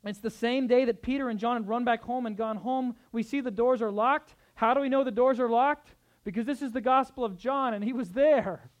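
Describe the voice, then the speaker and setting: A man preaching a sermon as pastor, swinging between soft, tender passages and loud, urgent exhortation, with conversational asides. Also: very high-pitched, a little fast, few pauses. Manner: acts out quoted speech in conversational asides.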